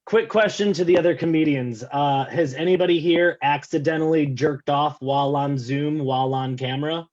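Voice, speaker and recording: Stand-up man, slightly high voice, self-deprecating, rambling, lo-fi call audio. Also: fairly even intonation, normal speed, a little mellow. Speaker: stand-up comedian. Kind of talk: stand-up set over a video call. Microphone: video call.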